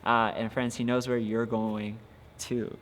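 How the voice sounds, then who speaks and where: A young man speaks as a youth pastor, earnest and encouraging, his voice at an ordinary middle pitch. His words trail off into a lingering reverb. A faint ambient hiss sits underneath. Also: little pitch movement, a little slow, a bit bright. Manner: earnest, encouraging, many filler "uh"s. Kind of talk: casual devotional podcast talk.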